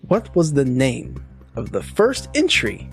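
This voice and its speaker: A man co-hosting a gaming podcast, reading trivia questions and scores in an even, casual way. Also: mid-range voice, slow pace, vocal fry, slightly rough, soft background music. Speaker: podcast co-host running the trivia.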